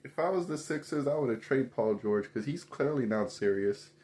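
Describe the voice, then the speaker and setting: A man's voice: medium pitch, lively intonation, moderate pace, a little mellow. A man, giving a casual, exasperated opinion rant full of emphatic rhetorical questions. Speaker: commentator.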